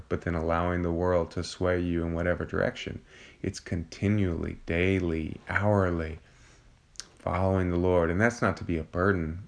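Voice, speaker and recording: A man, a father of young children, teaching an informal Bible study in a conversational way, often restarting and searching for words. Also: low-pitched.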